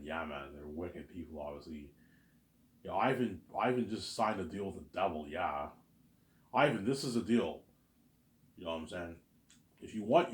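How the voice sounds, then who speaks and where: A man in a rambling, profane monologue, who often stammers and repeats words. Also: low voice. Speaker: vlogger. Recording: echoey room.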